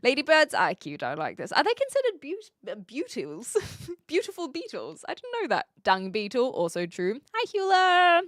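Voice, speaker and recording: Lively woman with a mixed Kiwi-Aussie accent. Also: mid-range voice, moderate pace, no echo, studio quality. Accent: mixed New Zealand with an occasional Australian twang. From New Zealand. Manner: chatty and playful, with lively swings between a soft mumble and bright exclaiming. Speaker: streamer. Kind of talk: casual livestream chat, reading out viewer comments.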